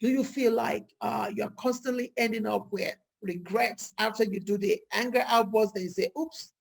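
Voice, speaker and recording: Brief: husky, gravelly woman vlogger, chatty and lively, full of rhetorical questions. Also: mid-range voice, moderate pace. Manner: lively, rhetorical questions, acts out quoted speech. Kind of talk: casual talk to camera.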